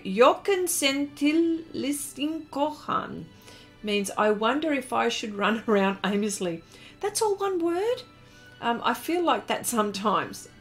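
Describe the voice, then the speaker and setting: A woman talks in a relaxed, unhurried way as she reads viewer comments aloud on a live art stream. Her voice sits slightly high, and she keeps breaking into exclamations. Soft music plays faintly in the background. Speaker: art demonstrator reading live chat. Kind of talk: casual live-stream chat.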